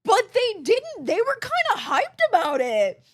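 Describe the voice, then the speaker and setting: A young woman streams and chats casually with her viewers. Her voice sits high and moves all over the place as she tells the story. She laughs a lot and acts out what other people said in quick bursts. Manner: animated, laughs often, quotes others in bursts.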